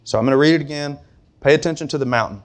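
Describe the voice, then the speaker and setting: A man's voice: on the high side, racing. A man preaching a sermon to a congregation in a conversational way, with asides and questions to the room. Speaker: pastor.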